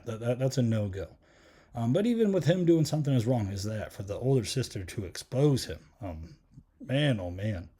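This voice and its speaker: A man hosts a solo podcast and talks through a horror film review in a loose, rambling way. His voice is mellow and dark, pitched in the middle for a man. He trips over his words, restarts sentences and leans on fillers. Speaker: podcast host.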